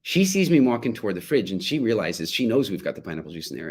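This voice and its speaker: A man's voice: fairly low pitch, sing-song, fast talker, hardly any pauses, a little mellow, slightly rough. A middle-aged man speaking to parents, telling a family story and acting out the quotes. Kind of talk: talk to parents.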